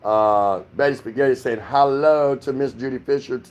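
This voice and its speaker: A middle-aged man from the United States hosts a casual livestream from his home. He reads viewer comments aloud one after another and chats back with loose, rambling asides. His voice sits at an ordinary middle pitch. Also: moderate pace, darkish tone, dull audio. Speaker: livestream host. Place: home in the Philippines.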